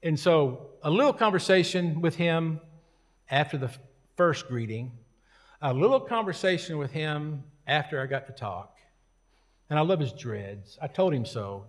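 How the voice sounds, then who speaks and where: A man's voice: on the high side, lively intonation, moderate pace, big-room sound. A man preaching a casual sermon, telling a story in a folksy, joking way.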